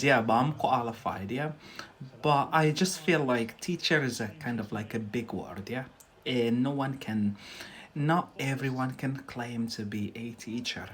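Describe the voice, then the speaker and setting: A man with an Algerian accent touched by Scottish, teaching English in a relaxed live stream. His voice sits at an ordinary middle pitch. He chats with viewers and keeps checking in with "yeah?" as he explains. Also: a little slow, a little hiss or hum. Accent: Algerian with some Scottish. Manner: chatty, peppers speech with "yeah?". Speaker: English tutor.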